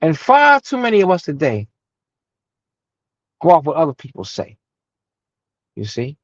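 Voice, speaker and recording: A man hosting a community meeting, giving a fiery, preacherly motivational speech that swings from low murmurs to loud, rising emphasis, with some profanity. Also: wildly swooping pitch, a little slow, dry recording. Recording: dull lo-fi audio.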